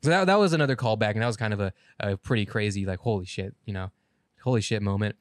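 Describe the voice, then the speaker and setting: Speaking fast in a lowish voice, a male podcast co-host wanders through an anime's storyline in relaxed conversation. He corrects himself as he goes and swears casually. The sound is clean studio audio without any room tone.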